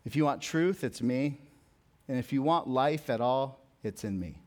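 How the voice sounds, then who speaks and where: A young man preaching a sermon as a pastor, conversational and jokey, telling stories, then dropping soft for emphasis. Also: medium pitch, animated, measured pace. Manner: conversational, jokey storytelling with sudden soft drops.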